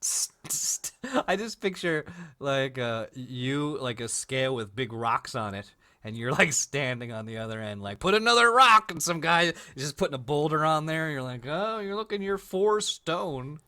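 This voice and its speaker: A man's voice: mid-range voice, normal speed, few pauses, bright, forceful tone. An American man co-hosting a comedy podcast, chatting casually, cracking jokes, laughing often and slipping into silly voices. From United States. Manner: jokey, laughs a lot, slips into silly character voices. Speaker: podcast co-host.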